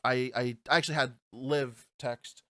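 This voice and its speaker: Man, New Jersey accent, casual podcast talk, mid-pitched voice, dry close sound. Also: steady tone, unhurried, bright, forceful tone, dry recording. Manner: loose, swears casually, frequent restarts. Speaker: podcast co-host. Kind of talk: casual chat.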